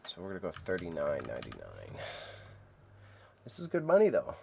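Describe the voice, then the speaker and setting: A man, chatting casually on a co-working stream and thinking aloud as he works, sounding a little phlegmy and clearing his throat. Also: deep voice, normal speed, a little hiss or hum. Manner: relaxed, self-mumbling, thinks aloud while typing. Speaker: streamer and reseller. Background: keyboard typing.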